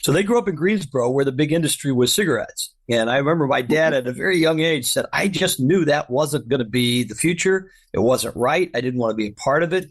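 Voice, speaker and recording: A man's voice: medium pitch, animated, fairly quick, few pauses. Upbeat middle-aged man, grateful guest. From United States. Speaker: podcast guest. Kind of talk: casual conversation.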